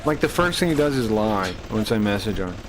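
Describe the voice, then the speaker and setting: A man's voice: fairly low pitch, very animated, fairly quick, background noise. A man streaming live, ranting heatedly and swearing as he rambles and restarts his sentences while playing a game.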